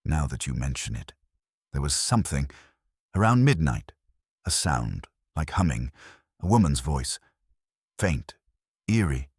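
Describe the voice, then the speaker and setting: A man voicing a grizzled, anxious older male stage manager who speaks gruffly. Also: very deep voice, very animated, measured pace, pauses often, dry recording, clean studio sound, full character voice. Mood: uneasy. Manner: gruff, plain-spoken.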